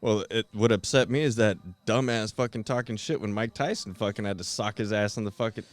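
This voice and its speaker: A man's voice: on the low side, brisk. A man who is a guest on a casual podcast chat, talking bluntly and swearing heavily.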